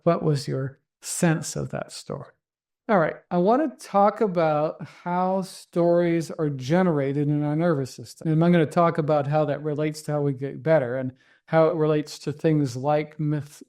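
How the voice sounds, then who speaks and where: A man's voice: on the high side, a little mellow. A man teaching by walking listeners through a story, talking casually with many fillers and acting out their inner thoughts. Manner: conversational, with many fillers, self-corrections and acted inner thoughts. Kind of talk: guided story and lesson.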